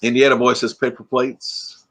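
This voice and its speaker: A man's voice: medium pitch, little pitch movement, normal speed, fairly bright tone, husky. A man hosting a casual live stream, chatting loosely and answering viewer comments while still a bit groggy from waking up. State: groggy, freshly woken.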